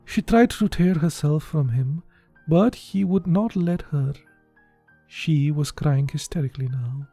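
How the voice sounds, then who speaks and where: An audiobook narrator reading a literary novel in a measured, even way. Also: mid-range voice, no room sound, faint music behind.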